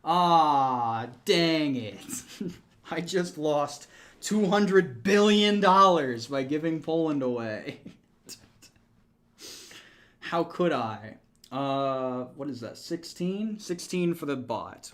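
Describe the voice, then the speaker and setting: A man's voice: on the high side, very animated, slow, a bit bright. A man streaming a strategy game, joking with chat, laughing often and counting numbers aloud. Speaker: gaming streamer. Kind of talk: casual live-stream chat.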